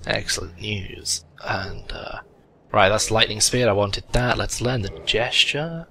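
Young male host of a game playthrough, low and forceful, sarcastic and crude, a little hoarse. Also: unhurried, faint music behind. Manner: sardonic, crude, swears a lot. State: voice cracking a bit. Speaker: let's play host. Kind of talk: gaming commentary.

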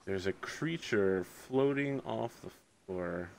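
A man acting as game master and describing scenes in a tabletop game, in a relaxed way and laughing easily. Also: low-pitched, slow pace, creaky, very noisy.

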